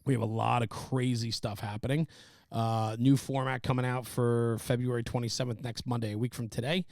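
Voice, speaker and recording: Male podcast host; gravelly, loose and rambling, with many fillers. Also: mid-range voice, level tone, a little fast, darkish tone, no room sound, clean studio sound. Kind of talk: casual podcast chat.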